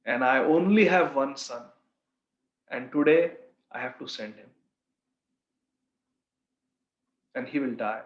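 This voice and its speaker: A man's voice: mid-range voice, moderate pace, voice pushed down, lightly acted. A man voicing a grieving, pleading poor village woman in a retold scripture story. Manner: imploring, grieving. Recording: roomy, slightly dull recording.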